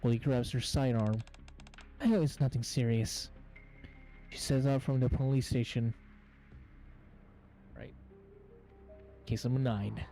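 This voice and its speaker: On a gaming channel, a man with a mid-range, dark-toned voice provides gameplay commentary, reading on-screen game text aloud and stumbling over words. The recording is rough.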